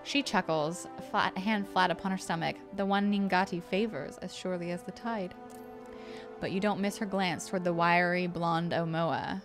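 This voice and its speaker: A woman's voice: on the low side, fairly even intonation, normal speed. Woman streamer reading game text over music. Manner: chatty, reacting between narrated passages. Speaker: gaming streamer. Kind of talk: let's-play, reading game text aloud.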